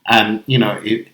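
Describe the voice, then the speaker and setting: A man's voice: lowish voice, bright, forceful tone. A man co-hosting an improv podcast who learned English as a second language, reasoning aloud earnestly with a few restarts. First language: not English. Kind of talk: casual discussion. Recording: echoey room.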